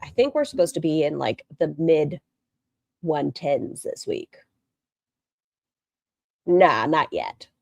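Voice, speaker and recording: A woman's voice: low voice, very animated, takes it slowly, vocal fry, pauses often, darkish tone, no echo, clean studio sound. A woman hosting a live stream, reacting to a clip with blunt, sarcastic commentary and frequent swearing. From northern United States near the Canadian border. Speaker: livestream host reacting to clips.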